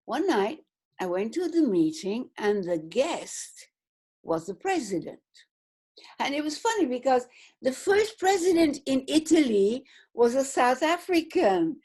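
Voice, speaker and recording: A middle-aged woman gives a motivational talk over a call, with a fairly high voice that rises and falls a great deal. She speaks at an unhurried pace and plays out the people in her story. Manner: animated storyteller acting out quoted voices. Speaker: business speaker.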